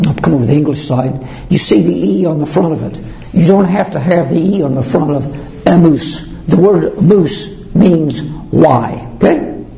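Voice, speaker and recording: A pastor with a somewhat high, mellow voice teaches scripture verse by verse. He leans hard on key words and slows down to drive them home. He clears his throat now and then between points. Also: rough recording.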